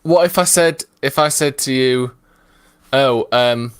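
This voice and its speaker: A man's voice: medium pitch, takes it slowly, clean tone, no echo. A man from England co-hosting a casual live stream, chatty and explaining things with asides and fillers. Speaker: co-host.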